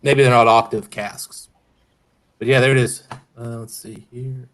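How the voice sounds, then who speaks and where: A man's voice: medium pitch, flat delivery, measured pace, a bit bright. A man hosting a casual whiskey-tasting livestream, rambling and hedging with frequent self-corrections. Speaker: host of a whiskey review stream.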